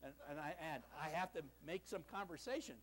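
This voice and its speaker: Animated older man giving a lecture. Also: on the high side, a little fast, slight background noise, rough recording. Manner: animated storytelling, self-deprecating humor. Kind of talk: university lecture. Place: lecture hall.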